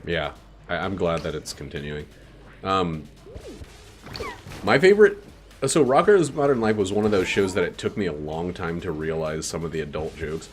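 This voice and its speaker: Deep-voiced joking gamer man. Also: lively intonation, normal speed. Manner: playful, joking, laughs often. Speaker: gaming channel host. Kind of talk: casual let's play chat.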